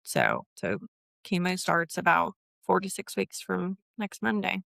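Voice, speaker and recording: A woman's voice: fairly low pitch, unhurried, vocal fry, no echo. A woman in her fifties, a podcast guest, telling her story candidly and acting out the voices in it. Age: 50s. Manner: animated, acts out quoted voices.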